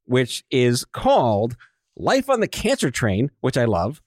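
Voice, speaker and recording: Joking, animated male podcast host. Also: medium pitch, unhurried, no room sound, studio quality. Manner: joking, teasing, chatty. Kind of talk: casual interview chat.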